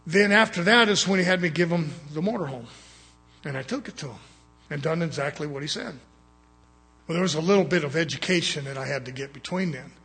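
A man preaching a sermon, telling a story with animated, emphatic bursts. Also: high voice, slightly rough. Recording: long hall reverb.

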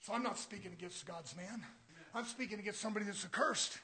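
A male preacher delivering a fiery sermon in a church, blunt and confrontational, swinging from shouting to hushed near-whispers. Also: high voice, quick pace, husky. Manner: blunt, confrontational, repeating phrases.

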